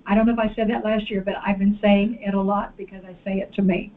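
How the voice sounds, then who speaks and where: A woman preacher delivering an animated sermon and calling out to the congregation in a church. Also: medium pitch, fast talker. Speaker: guest preacher. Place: church sanctuary. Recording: tinny phone-like audio.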